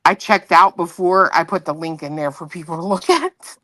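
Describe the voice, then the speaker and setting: A woman co-hosting a casual chat, relaxed and drawling with many likes. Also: lowish voice, normal speed, no room sound.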